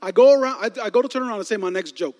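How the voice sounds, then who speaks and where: A man's voice: sits high, very fast, long reverb tail. A young man from the Chicago area telling a personal story to a youth audience as a sermon, acting out voices and often repeating words. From Chicago area, United States. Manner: animated, acts out voices in his stories, stammers and repeats words.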